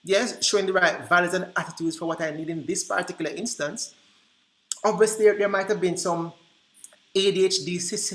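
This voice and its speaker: A man presenting to early childhood teachers, telling classroom stories in an animated way and acting out the dialogue. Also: fairly high pitch. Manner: animated, acts out quoted dialogue. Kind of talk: storytelling presentation. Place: conference room. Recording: roomy echo.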